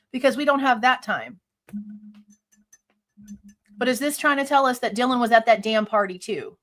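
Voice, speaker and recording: A woman's voice: fairly high pitch, fairly bright tone. Blunt, skeptical true crime host woman. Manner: blunt, exasperated, sharply skeptical; casual swearing. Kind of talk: live commentary reading and reacting to a police report.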